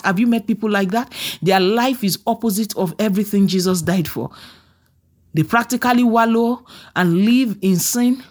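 A woman pastor preaching a fervent sermon that rises to shouted declarations. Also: mid-range voice.

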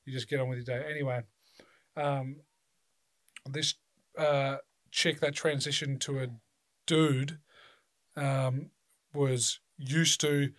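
A man's voice: mid-range voice, flat delivery, unhurried, long pauses. A man chatting casually as a podcast co-host, rambling and swearing, acting out quotes in little voices. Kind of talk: casual chat.

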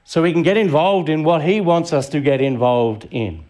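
The guest preacher, a middle-aged Australian man, pitches his voice on the high side and speaks at a normal speed with a slightly mellow quality. He preaches conversationally, directing rhetorical questions at the congregation.

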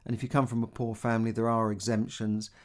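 A man's voice: fairly low pitch, level tone, fast talker. A middle-aged man from London with a Cockney accent, talking casually and rambling about money and opportunity, full of fillers and restarts. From London, England. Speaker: money advice host. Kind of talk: casual monologue.

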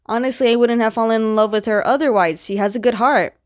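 A woman quoting a calm, fatherly chief in her own voice, slow and earnest. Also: fairly high pitch, close to an everyday voice.

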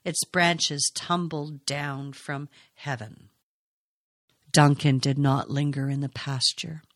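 A woman's voice: deep voice, dry recording, clean studio sound. Woman reading a novel aloud. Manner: measured and expressive. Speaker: audiobook reader. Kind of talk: scripted narration of a novel.

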